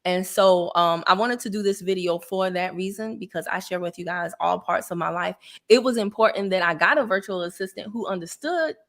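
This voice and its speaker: A woman's voice: fairly low pitch, fairly quick, hardly any pauses. A woman hosting a casual livestream, chatty and laughing often as she greets viewers. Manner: chatty, gives shout-outs, laughs often. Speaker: livestream host.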